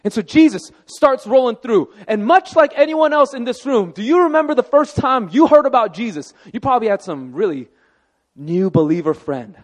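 Male pastor, high voice, lively conversational sermon, reverberant hall. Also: moderate pace. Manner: animated, conversational preaching with asides to the congregation.

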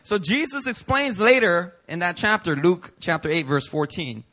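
A male pastor preaching a sermon in a playful, animated way with casual slang. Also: high-pitched, normal speed, few pauses.

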